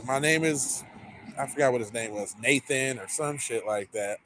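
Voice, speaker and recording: A man casually telling a story, animated and full of swearing, acting out the people in it. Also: medium pitch, brisk. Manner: animated, profane, acts out the people in his story. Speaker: podcast storyteller.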